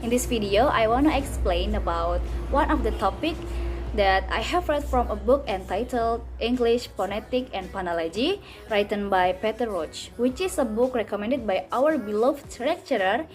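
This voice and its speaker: A woman's voice: fairly high pitch, animated, moderate pace, soft background music. A young woman student presenting a class project, reading a prepared explanation in a careful, textbook-style way. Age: young adult.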